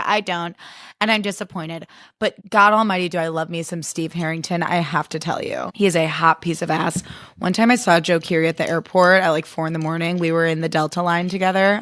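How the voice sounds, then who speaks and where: Woman in her thirties, podcast host, hoarse and raspy right now, lowish voice, gushing chatty delivery, dry close mic. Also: fairly even intonation, fairly quick, a bit bright, no room sound. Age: 30s. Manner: gushing, chatty, swears casually. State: raspy after a birthday weekend. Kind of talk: casual podcast chat.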